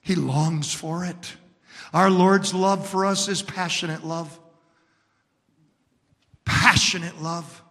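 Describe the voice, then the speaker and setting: A male pastor preaching an emphatic sermon built on repeated lines, moving from shouts down to hushed words. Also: fairly high pitch, fairly even intonation, slow pace, pauses often, long reverb tail.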